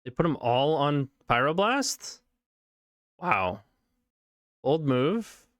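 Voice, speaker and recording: Slow-talking man giving game commentary. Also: on the high side, very animated, dry recording, studio quality. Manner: casual running commentary, reacting to plays. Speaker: streamer. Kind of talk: live card game commentary.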